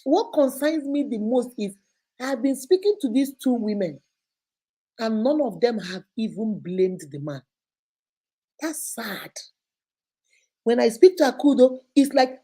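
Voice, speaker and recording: A woman hosts an advice show and lectures her listeners in an animated, preachy way, throwing one rhetorical question after another. Her voice sits a little high but sounds warm and mellow. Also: unhurried. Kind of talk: casual advice commentary.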